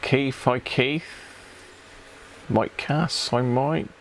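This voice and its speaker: A chatty man with an everyday mid-pitched voice hosts a casual live stream from his home workshop. He greets viewers one by one and clears his throat now and then. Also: steady tone, drawn-out words, a little hiss or hum.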